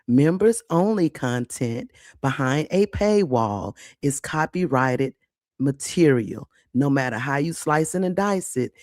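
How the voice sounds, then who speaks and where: A woman's voice: a bass voice, animated, unhurried, a little mellow, dry recording, studio quality. A woman hosting a casual livestream, chatty and blunt with salty slang, greeting viewers by name. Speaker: livestream host.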